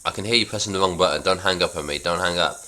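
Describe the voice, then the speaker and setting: Guy doing a nagging woman on the phone, pitched up from a very deep voice, bright and forceful. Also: racing. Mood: scolding.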